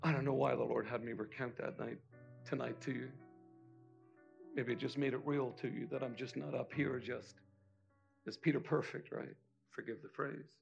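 A middle-aged man preaching as a guest pastor, telling a personal testimony in an impassioned sermon that moves between hushed moments and loud exhortation. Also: medium pitch, steady tone, moderate pace, vocal fry, long pauses, dull audio, soft background music. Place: church service hall.

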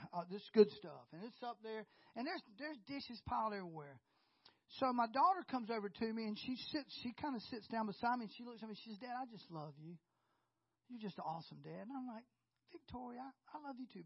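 Folksy preacher guy, husky voice, animated, keeps calling for amens, muffled dry audio. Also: high-pitched, no echo. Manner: folksy, animated, repeats words, calls for audience response. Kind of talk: sermon. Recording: dull, dry lo-fi sound.

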